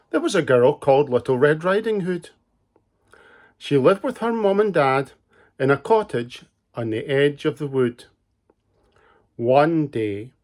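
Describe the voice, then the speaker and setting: Storyteller for children: man, gentle and expressive, pitch rising and falling a lot.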